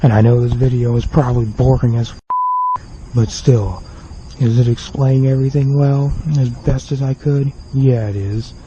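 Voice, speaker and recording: Speaking at a normal speed with fairly even intonation, a young man apologizes to his viewers in an unscripted vlog, remorseful and repetitive as he rambles. His voice is mid-range. Background noise and faint crickets fill the dull, lo-fi home recording.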